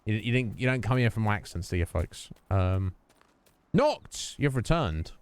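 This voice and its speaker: A man's voice: fairly low pitch, big pitch swings, moderate pace, smooth. A man streaming a video game, chatting casually and thinking aloud as he plays and greets viewers. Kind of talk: casual gameplay commentary.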